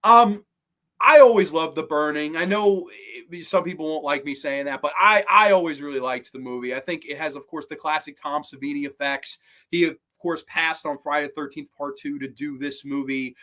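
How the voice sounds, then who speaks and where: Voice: mid-range voice, normal speed, pushed and bright. Blunt, profane horror podcast host. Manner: rambling, with frequent restarts and trailing asides. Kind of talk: casual livestream chat reacting to viewers.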